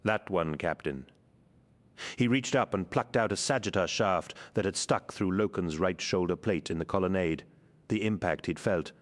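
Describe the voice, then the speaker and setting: A man narrating an action audiobook in a measured, dramatic reading. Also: low voice. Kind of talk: scripted narration.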